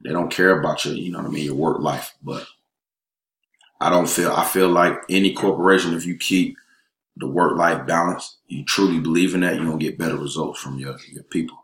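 A man with a very low voice talks casually as a guest, emphatic and streetwise. His words run on in bursts. The room around him rings with echo. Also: steady tone, fairly quick, fairly bright tone. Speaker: elementary school teacher and interview guest. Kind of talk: casual chat. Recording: roomy echo.

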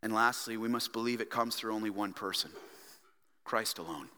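Earnest male pastor with a bright voice. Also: fairly low pitch, moderate pace. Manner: earnest, swings from hushed whispers to fervent exhortation. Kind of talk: sermon. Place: church sanctuary. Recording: reverberant church hall.

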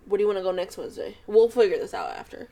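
A woman's voice: medium pitch, animated, racing, dark tone. A woman in casual chat, teasing with dry remarks.

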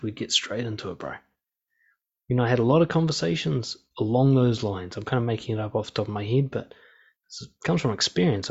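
A medium-pitched man gives a casual monologue on relationships and conflict, speaking frankly and profanely while staying calm and steady. The recording has a slightly dull, lo-fi sound.

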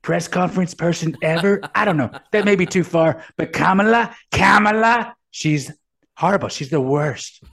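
A man's voice: high-pitched, moderate pace, vocal fry, fairly bright tone, pitched above the performer's own voice, heavily acted. A man putting on the voice of a boastful, rambling elderly male politician who repeats himself. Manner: boastful, repetitive.

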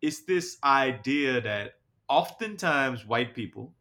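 A man's voice: mid-range voice, expressive, slow pace, sharp tone. A man hosting a casual podcast chat, rambling with many fillers and restarts. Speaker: podcast host.

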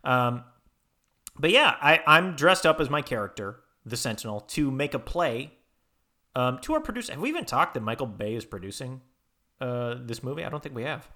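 A man's voice: medium pitch, very animated, normal speed, bright, forceful tone. A man co-hosting a comedy podcast, playing an awkward, eager character in an improvised scene, rambling with fillers.

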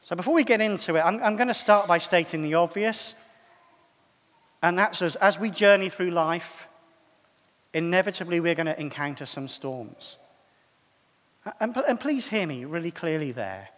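Lively high-voiced preacher. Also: male voice, normal speed, long pauses, in a large hall. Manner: conversational, self-deprecating, expressive preaching. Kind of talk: sermon.

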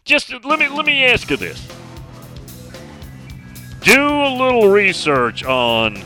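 A man's voice: extremely high pitch, wildly swooping pitch, takes it slowly, sharp tone, soft background music. A middle-aged man hosting a sports talk radio show, speaking emphatically and reading out listener messages.

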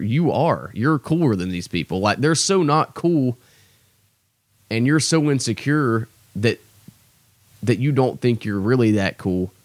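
In a dry, echo-free recording, a young man with a mid-range voice chats alone on his own podcast. He rambles casually, leans on plenty of fillers, and pokes fun at himself.

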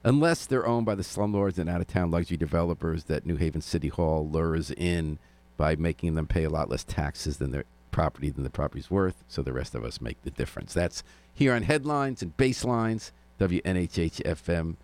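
A man's voice: sits low, brisk, darkish tone. A man hosting a local news and music radio show from a studio, with wry, sardonic commentary. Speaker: radio host.

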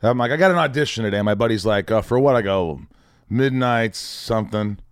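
With a smooth, somewhat low voice and a slightly quick pace, a middle-aged Indiana man guests on a podcast, sharing stories and impersonating the people in them. He's an actor, animated and casual, and the studio-quality recording is dry.

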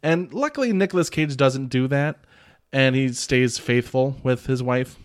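A man's voice: mid-range voice, measured pace. Rambling man recapping a film casually. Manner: rambling, many filler "like"s and restarts, chuckles often. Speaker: podcast host reviewing a film.

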